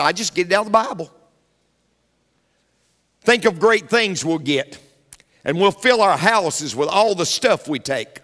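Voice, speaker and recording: A male pastor preaching a sermon, emphatic and repetitive, swinging between loud punches and quiet asides. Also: high-pitched, lively intonation, moderate pace, big-room sound.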